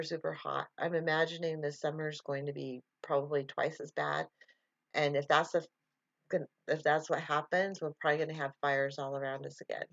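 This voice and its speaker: A woman's voice: low-pitched, dry recording, dull audio. A woman hosting a casual live stream, chatting loosely, laughing often and answering viewer comments.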